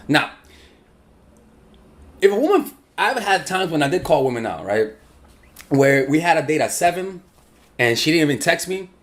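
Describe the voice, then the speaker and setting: A man's voice: fairly high pitch, very animated, moderate pace, pauses often. A man working as a dating coach, giving blunt advice in a casual monologue and swearing freely.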